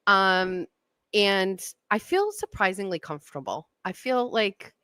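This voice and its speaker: A woman's voice: medium pitch, lively intonation, measured pace, pushed and bright, clean tone, dry recording. A woman hosting a talk show, chatting in a rambling, self-deprecating way. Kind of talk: casual monologue.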